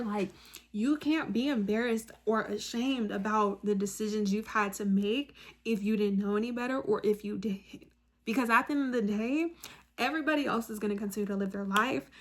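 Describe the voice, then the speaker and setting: A woman talking straight to her viewers with motivational advice, earnest and direct, counting off her points one by one. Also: medium pitch. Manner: repeats phrases for emphasis, says "like" often. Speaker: self-help video host. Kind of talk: motivational monologue to camera.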